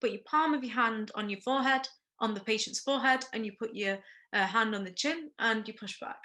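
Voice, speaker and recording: A woman instructs a first aid workshop on a recording, explaining each step, stopping to ask questions, and checking in with many "okays." Her slightly high voice comes across bright and forceful.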